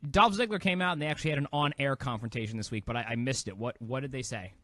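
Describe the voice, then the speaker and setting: A man co-hosting a wrestling podcast in casual chat, a quick storyteller who recaps things with amused asides. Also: mid-range voice, sharp tone, no echo. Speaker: podcast co-host.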